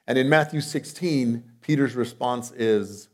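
This male preacher delivers his sermon conversationally, full of rhetorical questions, shifting between forceful, loud statements and quiet, low asides. He speaks at a moderate pace with lively intonation.

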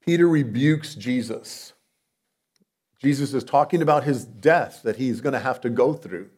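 Unhurried and slightly rough-voiced, a man preaches a conversational sermon. He leans on rhetorical questions and swings from loud, emphatic lines to soft, low asides.

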